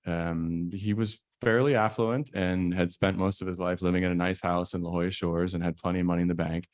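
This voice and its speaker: A man, an estate planning attorney, giving a measured, explanatory conference presentation. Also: deep voice, fairly even intonation, darkish tone, dry recording, studio quality.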